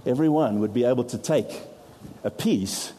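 A man's voice: mid-range voice, moderate pace, warm tone, a little hiss or hum. Man preaching in a reverberant hall. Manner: explains with props, self-deprecating asides. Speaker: pastor. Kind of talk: sermon.

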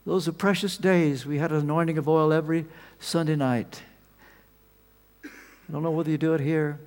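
A man preaching a sermon, telling the story with animated swings between loud emphasis and quiet asides. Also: a little high, moderate pace. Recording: long reverb of a large hall.

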